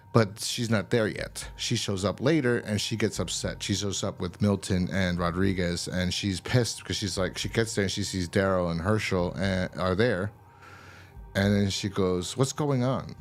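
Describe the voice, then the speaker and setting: A man's voice: low voice, fairly even intonation, a little slow. A man hosting a show, casually recapping a TV episode in a loose, rambling way, full of fillers and swearing. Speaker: show host reviewing a TV episode.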